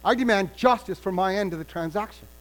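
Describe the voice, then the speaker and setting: A man's voice: high-pitched, brisk, a bit bright. A man voicing a desperate woman who indignantly demands that a king enforce her bargain. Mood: demanding.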